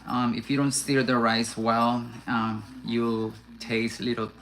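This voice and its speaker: A woman hosts a live cooking stream from her home kitchen, talking slowly and casually as she works, often stopping to restart her sentences. The room rings with echo, and pots, cutlery and dishes clatter loudly behind her. She chats to her viewers as if they were standing right beside her. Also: a bass voice, flat delivery, slight background noise. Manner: chatty, talks to herself while cooking, rambling restarts. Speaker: cooking livestream host. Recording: echoey kitchen with loud pan and dish clatter.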